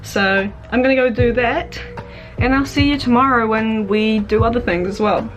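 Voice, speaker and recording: A woman's voice: a little high, moderate pace, muffled recording, soft background music. A woman of about twenty chatting casually to her camera in a vlog, rambling and self-deprecating. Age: 20s. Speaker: vlogger.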